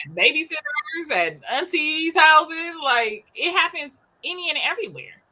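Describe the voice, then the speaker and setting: A woman co-hosting a casual live chat, relaxed and agreeable, often answering briefly. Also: high-pitched, measured pace, poor audio. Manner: relaxed, agreeable, short replies. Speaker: co-host.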